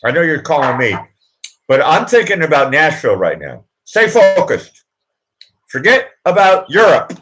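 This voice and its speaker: A man's voice: big pitch swings, moderate pace, background noise. A man with a Boston accent, hosting a live chat and coaching a nervous guest with repeated mantras. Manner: emphatic, repetitive coaching, swings loud and high on mantras. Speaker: host and producer. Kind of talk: live chat pep talk.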